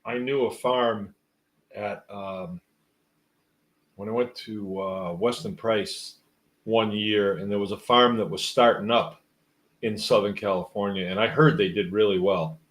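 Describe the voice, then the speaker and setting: A man with a fairly low voice hosts a casual livestream, reading out viewer comments as they come in. He talks in a rambling, musing way with a wry edge and drifts between thoughts. His delivery is relaxed and unscripted. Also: unhurried. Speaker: host.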